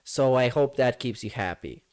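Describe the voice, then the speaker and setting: A man's voice: mid-range voice, expressive, normal speed, a little mellow. A man streaming a reaction to a clip, talking back at it with sarcastic, mocking, profane commentary.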